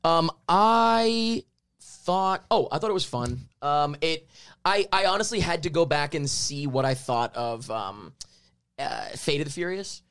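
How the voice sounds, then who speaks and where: A man chatting casually on a podcast, quick and joking, swearing freely. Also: a little high, lively intonation, a bit bright, clean tone. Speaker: podcast guest. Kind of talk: casual banter.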